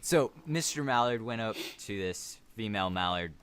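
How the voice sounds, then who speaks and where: A young man co-hosting a casual podcast, carrying an improvised story forward with playful, deadpan teasing. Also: lowish voice, moderate pace, clean tone. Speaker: podcast co-host.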